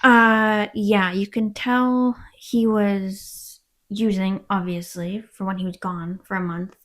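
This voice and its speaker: A woman, speaking at an ordinary middle pitch, tells her story frankly as an interview guest. She acts out the quoted exchanges and swears casually along the way. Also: steady tone, slow.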